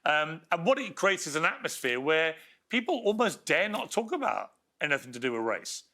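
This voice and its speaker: A man's voice: a little high, sing-song, moderate pace, sharp tone. A man hosting a TV talk show, reading a scripted intro and questioning a guest. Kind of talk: interviewing a guest.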